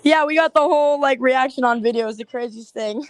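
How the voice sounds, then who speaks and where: A woman's voice: high voice, fast. A young woman telling prank stories on a podcast, giggling often and acting out her friends' lines. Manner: giggly, animated storyteller, acts out friends' lines. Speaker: guest TikTok creator. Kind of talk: casual podcast storytelling.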